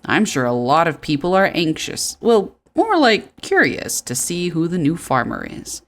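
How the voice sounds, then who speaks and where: A woman voicing a friendly male town mayor in a farming game, speaking formally and warmly. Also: lowish voice, big pitch swings, a little slow. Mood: welcoming.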